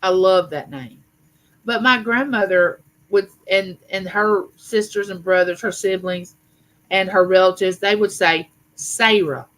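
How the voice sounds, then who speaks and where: Woman in her fifties hosting a live chat; bright voice, chatty and rambling, frequent fillers. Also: medium pitch, a little slow, low-quality recording. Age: 50s. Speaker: livestream host. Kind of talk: casual live chat reading viewer comments.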